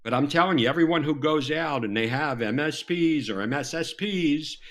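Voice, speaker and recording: A middle-aged man with a Southern American accent and a fairly high voice at normal speed appears as a guest on a video call, a former FBI agent turned cybersecurity speaker. In an animated interview, he tells emphatic stories about his law enforcement years, self-deprecating and sarcastic.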